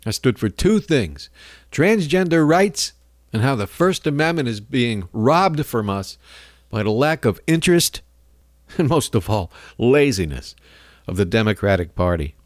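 A male radio host delivering a loose, sardonic monologue, often chuckling to himself. His pitch swings lively up and down. The sound is dry and close. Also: a little slow, no room sound. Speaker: radio talk show host.

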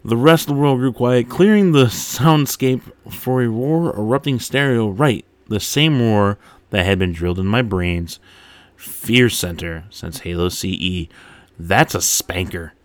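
A man hosting a podcast, reading a game blog post aloud and breaking off to laugh and comment excitedly. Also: on the low side, unhurried, no room sound. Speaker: podcast host.

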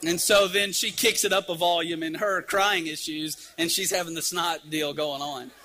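A middle-aged man preaching a sermon, telling a lively story and acting out the scenes. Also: on the high side, normal speed, slight background noise. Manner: animated storyteller, acts out scenes.

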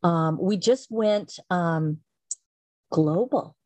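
A middle-aged woman, a company founder as a guest, telling her story in a casual interview and acting out quotes with big jumps in pitch. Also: drawn-out words, a little mellow, no room sound.

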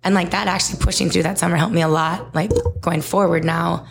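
A young woman with a lowish, gravelly voice chats as a podcast guest. She talks about her work as a fitness instructor in loose, rambling sentences full of fillers. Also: steady tone, brisk. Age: young adult. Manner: rambling, heavy use of "like" and "um". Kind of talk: casual conversation.

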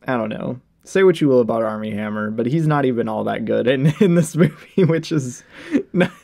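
A man's voice: mid-range voice, expressive, moderate pace, gravelly, darkish tone. A man co-hosting a casual movie review chat, upbeat and playful, laughing often as he teases his co-host. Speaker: podcast co-host.

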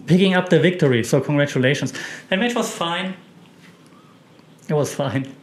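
A man's voice: a little high, moderate pace. A man hosting a casual wrestling recap, chatty and opinionated, with many fillers and restarts. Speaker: wrestling podcast host.

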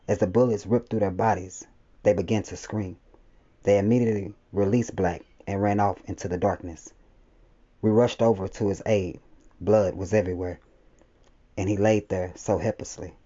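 A man with a low, mellow voice reads a first-person war story at an even, steady pace. The recording sounds dull and slightly lo-fi. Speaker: audiobook narrator.

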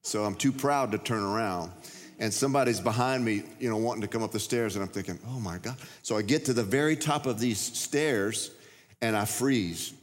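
A man's voice: on the low side, moderate pace. A middle-aged man preaching a sermon as a pastor, telling stories and acting out the voices in them. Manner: storytelling, acts out voices and shouts. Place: large church. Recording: reverberant church hall.

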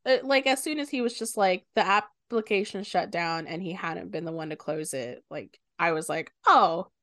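A woman's voice: lowish voice, normal speed, dry recording, studio quality. Swearing woman retelling a plot. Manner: animated retelling, swears often. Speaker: podcast co-host. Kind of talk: casual book discussion.

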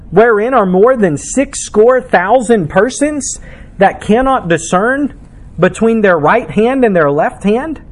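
High-voiced pastor preaching. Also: male voice. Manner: preaching with a shifting, emphatic delivery, reading scripture aloud. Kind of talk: sermon.

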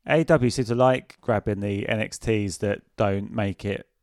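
A man co-hosting a casual wrestling podcast, relaxed and a bit hesitant, often asking questions. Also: on the low side, normal speed, no echo, clean studio sound. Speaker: podcast co-host.

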